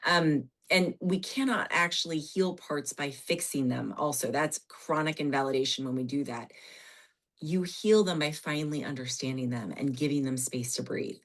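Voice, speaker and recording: A woman therapist speaking from her office on a podcast, explaining earnestly with animated emphasis. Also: sits low, normal speed. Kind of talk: podcast conversation.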